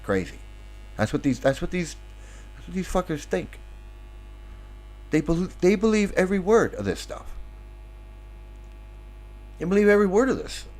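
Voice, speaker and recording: A man's voice: high voice, big pitch swings, moderate pace, pauses often, a little mellow. A man delivering a sarcastic, combative rant full of rhetorical questions. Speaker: online commentator. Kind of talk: ranting monologue.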